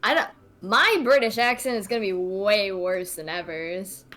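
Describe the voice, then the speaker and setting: A woman's voice: medium pitch, normal speed, fairly bright tone. A woman co-reading a visual novel on stream with friends, hesitant and unsure of herself. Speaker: co-player on stream.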